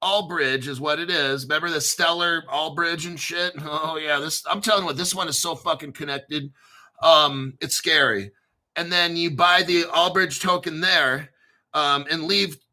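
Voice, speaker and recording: A man's voice: a little high, fairly even intonation, normal speed, bright, forceful tone. A man hosting his own crypto channel, talking in a profane, hyped and rambling casual rant with sudden bursts of emphasis.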